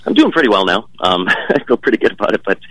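A man's voice: fairly low pitch, sing-song, fast talker, a bit bright, rough recording. A man being interviewed about his stage work, speaking casually with many fillers and restarts.

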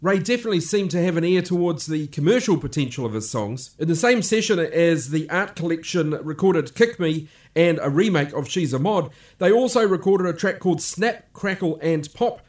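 A man hosting a radio show, introducing records in measured, informative DJ patter. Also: a little high, animated, a little mellow.

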